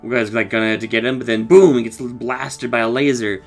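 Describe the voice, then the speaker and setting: A man's voice: mid-range voice, fairly even intonation, brisk, faint music behind. A young man recapping a cartoon episode in casual chat. He rambles, swears, laughs a lot and acts out the lines as he retells them. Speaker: show reviewer.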